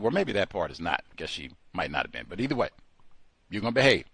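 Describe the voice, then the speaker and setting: Animated male talk radio host. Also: sits low, fast, creaky, husky, dry recording. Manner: animated, laughing, acts out quoted people. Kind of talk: casual call-in commentary.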